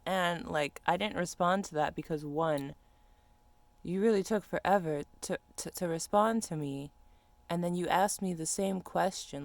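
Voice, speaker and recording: Venting young woman, lowish dry voice. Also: no echo. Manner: frustrated, profane, venting rant. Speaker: vlogger. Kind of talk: casual ranting monologue.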